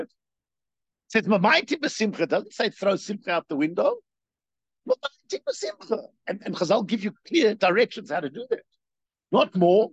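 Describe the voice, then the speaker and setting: Animated high-voiced male lecturer, gravelly. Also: no echo. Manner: animated, rhetorical questions, repeats himself. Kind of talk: spoken Torah lecture. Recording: dull, dry lo-fi recording.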